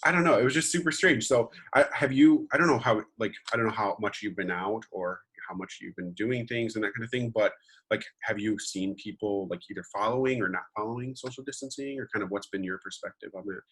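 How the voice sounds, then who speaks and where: A man's voice: on the low side, fairly quick, a bit bright, breathy edge. A young man co-hosting a podcast, chatting casually in a rambling way. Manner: rambling, many fillers and restarts. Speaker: podcast co-host. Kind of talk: casual chat.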